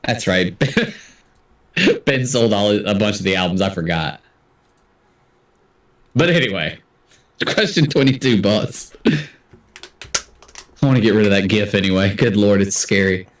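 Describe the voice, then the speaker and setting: A man's voice: fairly low pitch, lively intonation, takes it slowly, long pauses, far from the mic. Chatty male trivia host, roomy sound. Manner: chatty, self-deprecating, reads answers aloud. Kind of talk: casual livestream trivia hosting.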